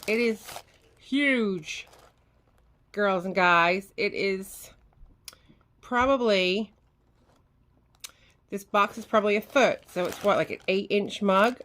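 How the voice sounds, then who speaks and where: Excitable woman unboxing at home. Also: mid-range voice, takes it slowly, long pauses. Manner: excitable, gushing, talks to viewers. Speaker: craft vlogger. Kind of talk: casual unboxing chat. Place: home room with recliner. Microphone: camera on a tripod.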